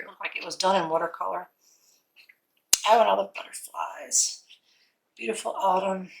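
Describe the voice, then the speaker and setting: A woman's voice: on the low side, creaky, fairly bright tone, slight background noise, poor audio. A woman unboxing a scrapbook kit in casual vlog commentary, gushing and cooing over each item, her voice a little worn as if she is losing it.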